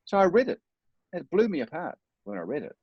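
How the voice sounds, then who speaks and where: A man's voice: on the high side, huge pitch swings, fairly quick, slightly rough, no echo, muffled recording. A middle-aged man speaking as a guest, telling his life story in an earnest, reflective, self-deprecating way. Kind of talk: personal storytelling in a talk.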